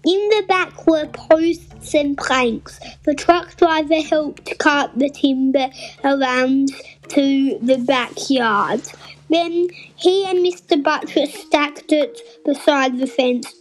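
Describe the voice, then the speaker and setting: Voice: high voice, steady tone, slow pace, rough recording. A child reading a storybook aloud carefully, with small slips and self-corrections. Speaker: reader.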